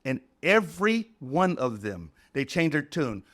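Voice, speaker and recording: A man's voice: fairly high pitch, unhurried. A man, a guest chef, casually telling stories and acting out kitchen exchanges in other people's voices. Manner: animated, acts out kitchen exchanges in quoted voices. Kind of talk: casual storytelling.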